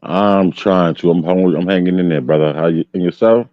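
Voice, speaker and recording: A man's voice: deep voice, fairly even intonation, normal speed, dull audio. A man talking sports in casual chat, chatty and slangy and often trailing into asides.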